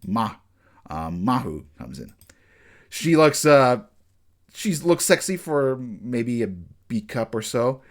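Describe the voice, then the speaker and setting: In a sing-song, mid-range voice, a man gives a casual anime episode review. His talk wanders with frequent fillers and sentence restarts, and he darts in and out of acting out characters' lines in quick bursts.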